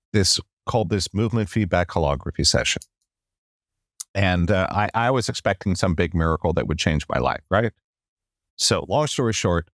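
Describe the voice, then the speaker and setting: A middle-aged man in a podcast interview, telling a long personal story with lively acted-out quotes and a habit of saying "long story short". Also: deep voice, no room sound, studio quality. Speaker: podcast guest.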